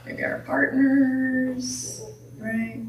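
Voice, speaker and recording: A woman's voice: high-pitched, flat delivery, extremely slow, far from the mic, slight background noise. Woman doing playful sermon, echoey church hall. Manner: playful, asks the congregation questions. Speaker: minister. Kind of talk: sermon with jokes.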